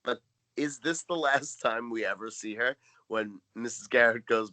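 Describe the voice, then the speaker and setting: A man co-hosting a casual podcast, recapping episodes with wry, deadpan humor. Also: medium pitch, moderate pace, no echo. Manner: dry, wry storytelling, deadpan jokes. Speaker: podcast co-host.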